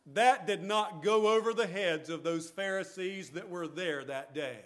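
High-voiced man preaching a sermon. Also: measured pace, a bit bright. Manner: earnest preaching with restarts, reads scripture aloud. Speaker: pastor.

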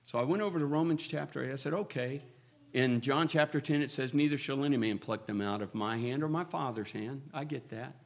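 A man preaching a sermon, moving between hushed, quiet passages and loud, fervent build-ups as he quotes scripture. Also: medium pitch, a little fast.

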